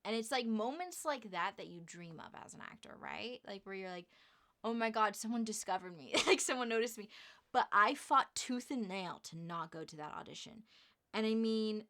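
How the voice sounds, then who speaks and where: A young woman tells a story to her camera in a bright, clear voice. She is lively and chatty, laughs often, and slips into quick impressions of the people in her story. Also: medium pitch. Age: young adult. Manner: animated, laughing, acts out quoted voices. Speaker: vlogger. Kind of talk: casual storytelling vlog.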